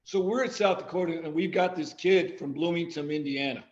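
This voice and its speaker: A man being interviewed on a podcast, telling lively anecdotes and quoting the people in them. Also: on the high side, fairly quick, echoey room, muffled recording. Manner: animated anecdotes, quoting others. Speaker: guest, athletic director and former coach. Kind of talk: storytelling in a casual podcast interview.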